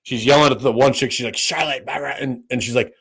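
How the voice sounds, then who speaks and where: Rambling casual man, mid-pitched. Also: steady tone, fast talker, husky. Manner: rambling, lots of fillers and restarts; swears freely. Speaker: podcast co-host. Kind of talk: casual chat.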